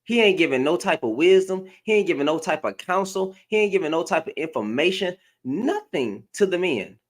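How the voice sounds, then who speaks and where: A woman's voice: fairly low pitch, expressive, brisk. A woman hosting a livestream, giving blunt, heated reaction commentary and often repeating her phrases. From United States. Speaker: livestream host.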